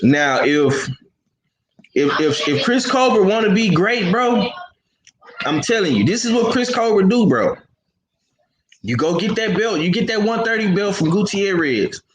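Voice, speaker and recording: A man hosting casual boxing talk, animated and slangy, who repeats himself as he talks. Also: high voice, unhurried. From Houston. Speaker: boxing podcast host. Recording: echoey room with faint noise.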